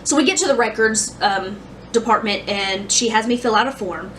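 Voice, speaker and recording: A woman's voice: medium pitch, moderate pace, fairly bright tone, distant mic, a little hiss or hum. A woman in her thirties telling a personal story in a casual vlog, rambling with many restarts and fillers. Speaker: vlogger.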